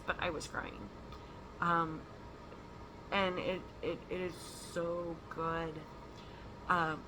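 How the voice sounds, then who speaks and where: A woman's voice: on the low side, background noise. A woman hosting a stitching vlog from home, chatting casually and rambling with frequent ums and laughs. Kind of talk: casual chat.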